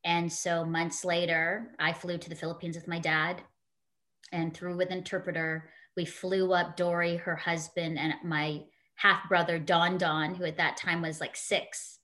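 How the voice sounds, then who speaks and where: A woman's voice: lowish voice, fairly bright tone. A woman guest in an interview, telling a personal story in an earnest, heartfelt way with frequent fillers.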